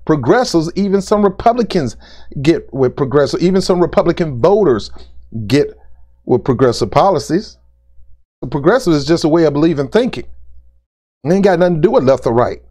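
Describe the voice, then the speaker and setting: A man's voice: on the high side, lively intonation, brisk, mellow. A man ranting as a political commentary vlogger, blunt and exasperated, repeating his points in casual, informal speech. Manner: informal speech with "ain't" and "dude". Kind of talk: opinion rant to camera.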